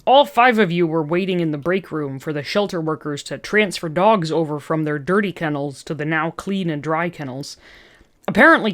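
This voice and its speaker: Chatty fan story reader. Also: medium pitch. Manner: chatty asides and chuckles between passages. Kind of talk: reading a fan story aloud.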